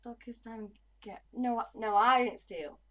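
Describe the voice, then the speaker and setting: A woman's voice: fairly high pitch, measured pace, fairly bright tone, dull audio. A woman, chatting casually and bluntly on a gaming livestream. She swears freely and mutters to herself as she plays. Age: 20s. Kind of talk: casual livestream chat while playing.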